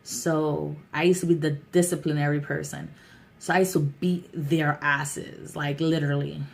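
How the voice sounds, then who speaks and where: A young adult woman talking candidly and warmly to her vlog viewers, with a chatty, heartfelt manner. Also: low voice, little pitch movement, moderate pace, gravelly, slight background noise. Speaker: YouTuber. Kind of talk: casual vlog talk.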